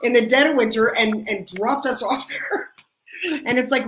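A woman's voice: a little high, normal speed, fairly bright tone, a little hiss or hum, rough recording. A woman hosting a casual chat, telling stories and laughing often. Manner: laughs often, upbeat storyteller. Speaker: podcast host.

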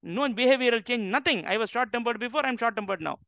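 Speaking fast in a very high, gravelly voice that sounds pushed and bright, this man teaches on the Quran with emphasis and plenty of rhetorical questions for listeners. There's no room sound; it's a dull, dry, lo-fi recording.

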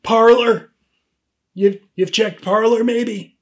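A man's voice: high voice, fairly even intonation, slow pace. Male actor as an exasperated HR supervisor; dry, pointed, comedy sketch. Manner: dry, pointed, repeats the name.

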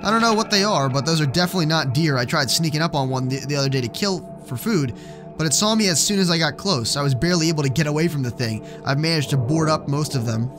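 A man's voice: on the high side, lively intonation, fast, over music. A young man commenting on a horror game as he plays, joking and swearing when startled. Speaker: let's play gamer.

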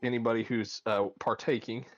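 A man's voice: mid-range voice, flat delivery, a little fast, dry recording, faint music behind. A man running a tabletop game as game master, chatty and laughing, with many fillers, on dull lo-fi audio.

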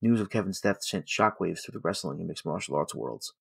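A man giving solemn, steady scripted narration for a documentary. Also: deep voice, fairly quick, vocal fry, breathy edge, no room sound, studio quality.

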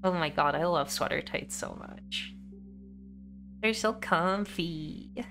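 Bright-voiced woman casually chatting over a game. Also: lowish voice, slow. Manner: chatty, candid, laughs easily. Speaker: game streamer. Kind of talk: casual let's-play commentary.

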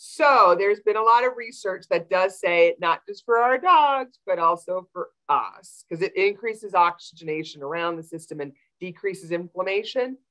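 Veterinarian woman answering questions, lowish voice. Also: lively intonation, moderate pace, few pauses, low-quality recording. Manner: warm, explanatory, with frequent fillers. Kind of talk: answering audience questions on a live webinar.

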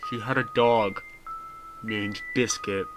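A man commentating on a game he plays, excitable and jokey, with loud reactions. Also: on the low side, slow, music in the background. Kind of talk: gameplay commentary.

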